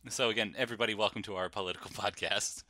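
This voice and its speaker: A man co-hosting a podcast in casual chat, joking and laughing often between lines. His voice is low and very bright, recorded dry and close to the mic. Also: no room sound. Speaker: podcast co-host.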